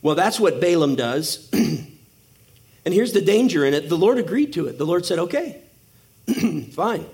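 A man's voice: on the high side, lively intonation, moderate pace, a little mellow. A male preacher giving a sermon, telling a story with humor and acting out the characters.

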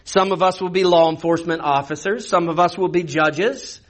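Moving verse by verse through the text, this pastor delivers an expository sermon with a conversational teaching style, asking rhetorical questions along the way. He speaks at a moderate pace in a slightly high voice.

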